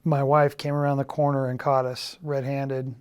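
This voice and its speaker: A middle-aged man giving a halting, earnest confessional testimony, often dropping to a quiet, subdued tone. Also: medium pitch, little pitch movement, clear, resonant tone. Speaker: church member giving a personal testimony.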